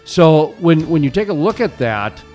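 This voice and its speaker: A man's voice: on the high side, very animated, normal speed, darkish tone, soft background music. A man hosting a morning talk radio show, chatting casually and giving his opinions with frequent restarts.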